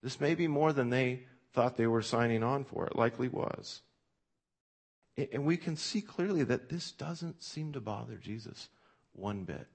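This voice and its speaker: A man's voice: medium pitch, normal speed, gravelly, husky. A male pastor preaching a sermon in a conversational way, with frequent fillers and restarts, reading scripture aloud with extra emphasis.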